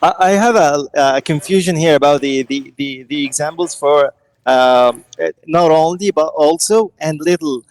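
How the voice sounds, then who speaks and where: A male student asks his grammar teacher about a point he finds confusing. He hesitates, repeating words and filling pauses, in a somewhat high voice recorded dry and close. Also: no room sound. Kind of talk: asking questions in class.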